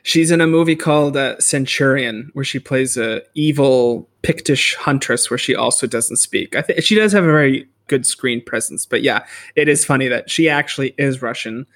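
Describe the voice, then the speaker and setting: A man with a middle-range voice criticizes film casting and characters in a relaxed podcast conversation. He is opinionated and animated, and quick to call something terrible. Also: mid-range voice. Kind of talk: casual movie review chat.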